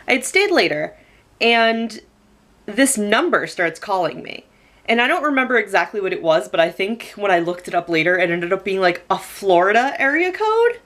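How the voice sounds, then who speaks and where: A young woman vlogger tells a personal story to the camera in a casual, chatty way, laughing as she goes and saying "like" a lot. Her voice is medium-pitched, a bit bright, very animated, and at normal speed.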